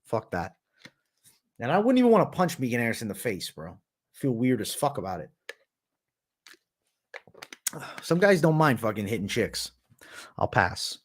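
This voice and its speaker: A man from the United States hosts a livestream, casually chatting and answering viewer questions in a laid-back, profane way, saying "bro" a lot. His mid-range voice is husky and sing-song, at normal speed with long pauses.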